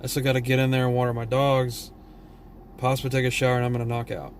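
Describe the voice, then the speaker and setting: A man's voice: medium pitch, monotone, quick pace, a little hiss or hum. Tired, blunt Southern man ranting. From Texas. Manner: blunt, profane, rambling. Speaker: vlogger. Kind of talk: casual opinion rant.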